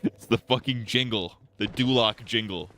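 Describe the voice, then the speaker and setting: A man's voice: lowish voice, normal speed, bright, forceful tone. A man streaming a game, joking crudely and swearing a lot as he plays. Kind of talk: casual gaming commentary.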